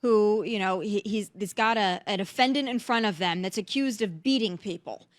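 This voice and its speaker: A woman's voice: medium pitch, normal speed, no echo. A young woman hosting political commentary, talking in an indignant, incredulous way. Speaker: host.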